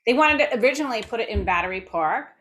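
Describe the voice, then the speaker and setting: A woman's voice: fairly high pitch, lively intonation, fast talker, fairly bright tone. A woman guest on a podcast, explaining things in a casual, matter-of-fact way. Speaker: guest, advocate. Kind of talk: casual conversation.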